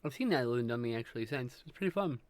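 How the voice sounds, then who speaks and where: A man's voice: medium pitch, expressive, racing, darkish tone, no echo. A man chatting casually on a live stream while making art. He laughs often and swears in an offhand way. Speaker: streamer co-host.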